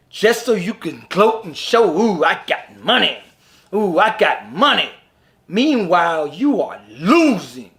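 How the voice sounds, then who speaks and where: High-voiced man on a profane rant. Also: fairly bright tone. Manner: blunt, profane, heated and exasperated. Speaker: father. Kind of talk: ranting monologue to camera.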